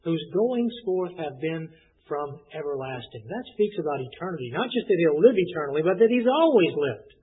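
A man preaching an expository sermon, earnest and emphatic, slowing down to stress the scripture he reads. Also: a little high, very animated, husky. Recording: tinny phone-like lo-fi recording.

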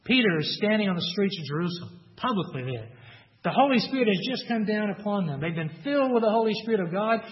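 A man's voice: high voice, expressive, fast talker, long reverb tail, highs cut off. A man with a Texas accent preaching a sermon, earnest, acting out quoted lines with rising emphasis. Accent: Texan. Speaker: pastor.

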